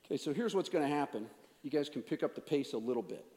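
A man's voice: fairly high pitch, expressive, fast. Dramatic male pastor in a reverberant hall. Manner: dramatic, swings from hushed asides to raised emphasis; playful banter with volunteers. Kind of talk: sermon. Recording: long reverb of a large hall.

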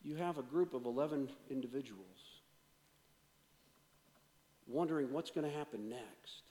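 A man preaching a sermon as a pastor, swinging from energetic to hushed delivery. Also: mid-range voice, measured pace, long reverb tail.

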